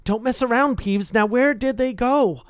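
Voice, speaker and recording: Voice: medium pitch, normal speed, clean tone, dry recording, clean studio sound, pitched above the performer's own voice, lightly acted. A reader voicing an impatient, grumpy old male school caretaker. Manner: impatient, demanding.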